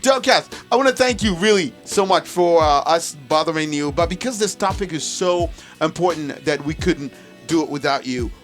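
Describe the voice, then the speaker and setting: A man's voice: on the high side, animated, moderate pace, a bit bright, faint music behind. A man hosting a live radio talk show from a studio, teasing and laughing with his guests.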